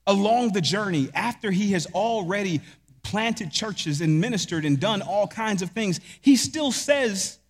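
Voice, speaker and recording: Brief: male pastor, high voice, emphatic sermon delivery, rhetorical questions, long hall reverb. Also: lively intonation, measured pace.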